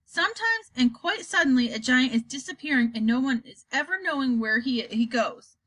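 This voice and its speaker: Woman doing gentle ancient giant, jumbled grammar, high lively voice, dry close sound. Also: normal speed, no echo. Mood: wistful. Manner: jumbled grammar, delighted, playful. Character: ancient kindly male giant, muddled words. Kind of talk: storybook character reading.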